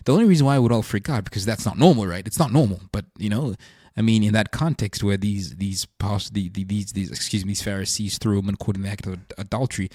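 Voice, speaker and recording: Earnest man, low voice. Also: a little mellow, dry recording, studio quality. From South Africa. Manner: earnest, searching, thinks aloud. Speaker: podcast host. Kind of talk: reflective faith monologue.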